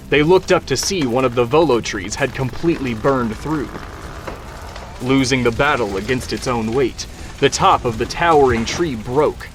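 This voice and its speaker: Male narrator, mid-pitched, steady, descriptive storytelling read. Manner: measured and descriptive. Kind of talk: scripted audiobook narration.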